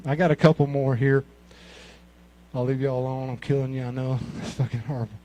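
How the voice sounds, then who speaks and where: A man's voice: mid-range voice, level tone, fairly quick, mellow, poor audio. A man in his sixties from Mississippi with a Southern accent, telling crude, profane, rambling stand-up stories. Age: 60s. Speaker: amateur comic at a talent show. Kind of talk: stand-up storytelling.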